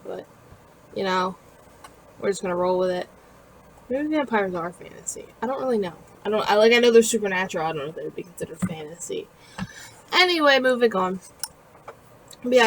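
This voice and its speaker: A woman's voice: medium pitch, expressive, fairly quick, pauses often, slight background noise, low-quality recording. A woman casually narrating her own building video in a chatty, rambling, self-deprecating way with lots of fillers, sounding tired. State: tired and yawning.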